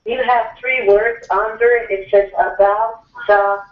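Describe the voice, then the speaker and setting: A woman's voice: mid-range voice, steady tone, a little slow, far from the mic, muffled recording. A woman student calling in on speakerphone, asking the professor a question hesitantly. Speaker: student caller. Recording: caller on speakerphone in echoey room.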